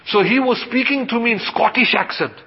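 High-voiced imam preaching in an echoing hall. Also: male voice, a little fast. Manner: asks rhetorical questions and answers them himself. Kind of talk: sermon. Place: mosque. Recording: dull lo-fi sound with long hall reverb.

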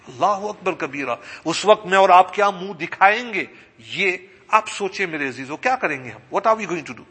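A man preaching a sermon as an imam, impassioned, swinging between loud exclamations and soft asides. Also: high-pitched, expressive, racing, breathy edge, long reverb tail.

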